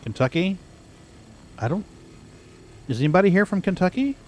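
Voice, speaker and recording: An American man streams a game while chatting in an easygoing, rambling way. His voice is high-pitched and sing-song at a moderate pace, with slight background noise.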